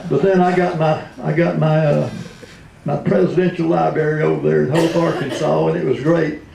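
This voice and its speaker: A man's voice: a little high, level tone, normal speed, gravelly, a loud crowd, pitched above the performer's own voice. A man putting on a folksy, rambling older male politician. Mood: joking. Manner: drawling, chuckling, rambling. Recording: roomy hall.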